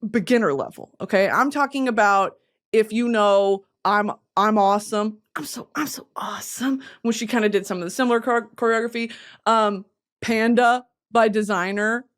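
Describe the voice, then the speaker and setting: A woman hosting a casual chat show, talking in an animated, profane way and laughing often. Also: mid-range voice, normal speed. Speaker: podcast host.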